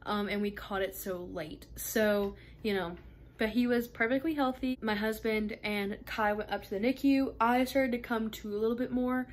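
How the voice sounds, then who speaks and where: A woman's voice: on the high side, fairly even intonation, normal speed. A woman in her twenties telling a personal story in a casual vlog, chatty with many fillers and laughing asides. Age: 20s. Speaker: vlogger.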